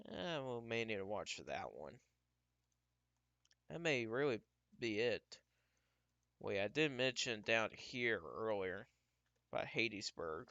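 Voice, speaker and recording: A man giving casual live weather commentary as he tracks storms, thinking aloud in an unhurried way with frequent restarts. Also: medium pitch, pushed and bright, clear, resonant tone, dry recording.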